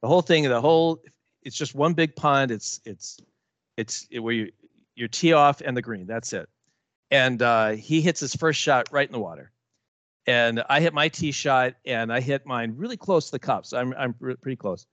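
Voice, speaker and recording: A man's voice: mid-range voice, normal speed, a bit bright, no echo. A man co-hosting a podcast, telling a long story in casual chat with many false starts and restarts. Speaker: podcast co-host.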